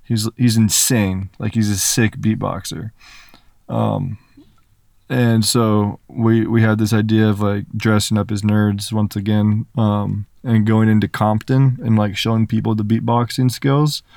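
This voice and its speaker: A young man telling a story as a podcast guest, animated and full of "like" fillers. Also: on the low side, unhurried, creaky, no echo, clean studio sound. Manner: animated, filler-heavy retelling with lots of "like". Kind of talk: casual storytelling.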